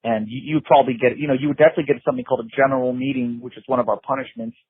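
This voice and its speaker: A man's voice: mid-range voice, fairly even intonation, rapid-fire, husky, dry recording. A middle-aged man recounting his past in an emphatic way, repeating himself and saying "you know" a lot, heard over a phone line. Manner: emphatic, repetitive, frequent "you know" and restarts. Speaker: interview guest. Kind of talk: intense personal recollection.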